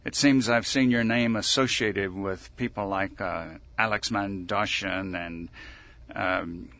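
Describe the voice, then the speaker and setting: A male radio host who asks interview questions in a measured, calm way. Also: on the low side.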